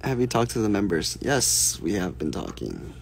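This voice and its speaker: A man casually answering fan questions on a live stream, soft-spoken and unhurried, reading questions aloud before he replies. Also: on the low side, huge pitch swings, creaky, a little hiss or hum.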